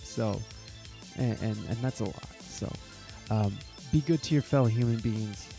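A man's voice: lowish voice, measured pace, dark tone, soft background music. A man hosting his own podcast, talking in an earnest, heartfelt way with casual swearing and lots of restarts. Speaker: podcast host. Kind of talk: solo podcast talk.

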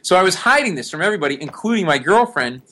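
A middle-aged man spins a story with lively energy and a slightly higher-than-usual voice. He slips into the voices of the people in his tale and keeps the pace rolling in a relaxed interview. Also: rapid-fire. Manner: animated storyteller who acts out the people in his stories. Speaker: guest.

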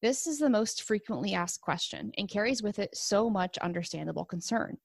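A woman hosting a podcast, interviewing a guest and then reading an informative segment in a steady voice. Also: medium pitch, normal speed, vocal fry, husky, no room sound. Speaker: podcast host. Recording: dry close recording.

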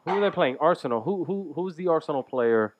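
A man's voice: fairly high pitch, expressive, brisk, slight background noise. A young man hosting a radio show, teasing his co-host in casual banter and swearing freely. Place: radio studio. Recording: slightly dull lo-fi sound.

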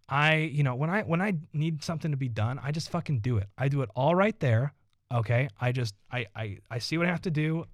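A man's voice: mid-range voice, darkish tone, no room sound. Man ranting crudely on a dry mic. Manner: ranting, profane, rambling. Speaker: podcast host. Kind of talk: solo podcast monologue.

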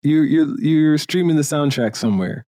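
A Jamaican man hosts a podcast of casual chat, speaking at normal speed in a fairly high voice. He is animated and opinionated, sprinkling in lots of fillers, and the studio-quality recording has no echo.

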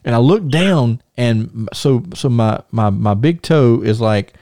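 A man hosting a podcast, telling a long story in a rambling, animated way with many restarts. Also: medium pitch, a little slow, a little hiss or hum. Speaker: podcast host. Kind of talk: casual storytelling and show segment intro.

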